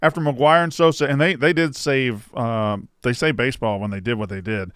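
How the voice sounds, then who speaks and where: A man's voice: mid-range voice, fairly even intonation, moderate pace, fairly bright tone, smooth, no echo, studio quality. A man co-hosting a casual sports podcast, emphatic and stumbling over restarts when worked up. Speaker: podcast co-host.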